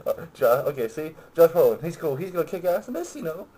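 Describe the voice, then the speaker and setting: A man's voice: fairly high pitch, sing-song, fast talker, dark tone, husky. A young man co-hosting a casual movie-ranking chat, hesitant and full of fillers, with a laid-back manner. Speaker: co-host of a movie review show.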